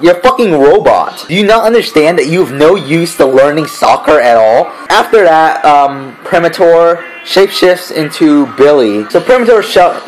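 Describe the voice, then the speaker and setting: A man's voice: a little high, rough recording. A man giving a casual spoken review, ranting in an exasperated, profane way. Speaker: show reviewer.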